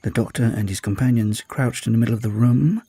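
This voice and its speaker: A man reading an audiobook as narrator, in an expressive storytelling manner. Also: mid-range voice, brisk, breathy edge, no echo, soft background music. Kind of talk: scripted narration.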